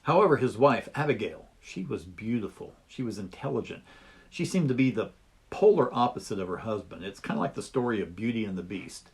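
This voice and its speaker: A man teaching a Bible study lesson over slides, explaining in a measured, folksy way. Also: lowish voice, lively intonation, a little mellow, husky.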